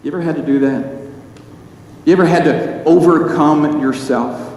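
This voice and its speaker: A man preaching a sermon in earnest tones with dramatic pauses. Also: fairly high pitch, a little mellow. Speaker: pastor. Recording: echoey hall with faint noise.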